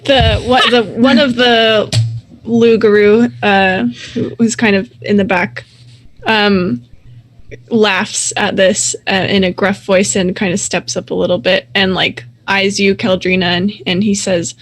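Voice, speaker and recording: A woman running a tabletop role-playing game, setting scenes in an unhurried, measured way. Her narration is slow and loose, full of little fillers and restarts. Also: mid-range voice, fairly even intonation. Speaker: game master.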